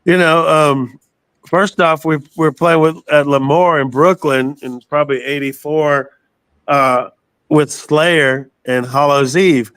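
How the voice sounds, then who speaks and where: Older guy telling wild road stories, cussing and laughing, voice sits a bit high, real dry mic. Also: slow, smooth, no room sound. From southern United States. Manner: animated storyteller, swears freely, laughs often. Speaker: guest musician. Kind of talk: casual storytelling interview.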